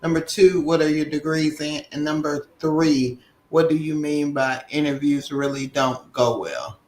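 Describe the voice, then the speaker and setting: A man co-hosting a casual livestream, chatting in a relaxed way and giving job-search advice. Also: fairly high pitch, measured pace, reverberant, slight background noise. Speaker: livestream co-host.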